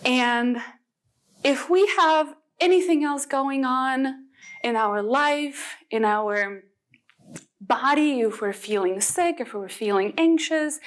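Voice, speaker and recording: Slow, high-voiced woman giving a motivational talk. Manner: expressive, rhetorical questions, deliberate pauses. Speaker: English teacher educator. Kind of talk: motivational speech.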